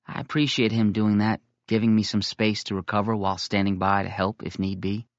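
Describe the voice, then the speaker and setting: A man reading a novel aloud in first person, with steady, measured storytelling. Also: on the low side, no room sound, muffled recording. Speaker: audiobook reader.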